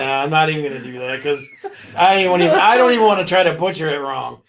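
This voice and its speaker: A man's voice: on the high side, lively intonation, quick pace, fairly bright tone, slight background noise. Dry-witted man teasing as co-host. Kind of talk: casual livestream chat.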